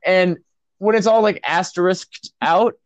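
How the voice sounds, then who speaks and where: A man's voice: high-pitched, unhurried, no room sound. An American man chatting on a podcast, swearing constantly and ranting jokily. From United States. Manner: animated, swears constantly, jokey rants. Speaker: podcast guest. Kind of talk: casual chat.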